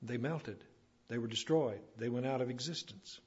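Husky folksy preacher man. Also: moderate pace. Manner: folksy, rising to emphatic peaks then dropping low. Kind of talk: sermon. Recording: dull lo-fi recording.

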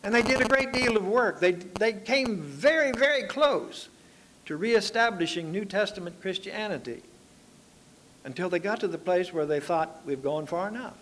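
An older man preaching a sermon, telling stories in an unhurried, folksy way and drawing out his phrases. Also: high voice, lively intonation, fairly bright tone, slight background noise. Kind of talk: sermon with anecdotes.

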